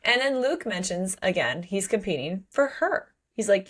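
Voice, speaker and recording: A woman's voice: medium pitch, normal speed, hardly any pauses. A woman co-hosting a book podcast in casual chat, acting out the characters' lines as she recaps. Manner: animated, acts out characters' lines. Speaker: podcast co-host.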